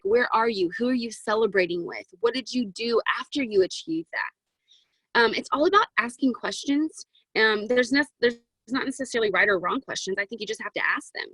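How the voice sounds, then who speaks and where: Chatty, excitable young woman on a video call. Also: fairly high pitch, husky, dry recording, poor audio. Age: 20s. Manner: chatty and excitable, peppered with "um" and "right?". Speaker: guest speaker on a sales team call. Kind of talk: motivational team coaching talk. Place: home walk-in closet.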